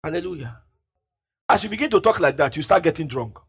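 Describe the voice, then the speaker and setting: A man preaching a fiery sermon at a church service, shouting declarations, then dropping to low murmurs and leading the congregation in call-and-response. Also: big pitch swings, fast, vocal fry, slight background noise. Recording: dull lo-fi recording.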